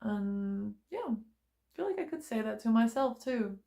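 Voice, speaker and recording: A woman's voice: a little high, sing-song, a little slow, vocal fry, warm tone. A young woman vlogging to camera in casual personal talk, chatty and emotionally open, with many fillers.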